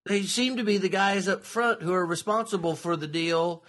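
A man's voice: high voice, normal speed, a bit bright. A man co-hosting a podcast in casual chat, teasing and laughing often. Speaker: podcast co-host.

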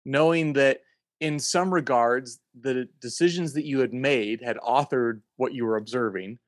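A male interviewer asking a gentle, probing question with a few stumbling restarts. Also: medium pitch, unhurried, no echo, clean studio sound. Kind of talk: podcast interview.

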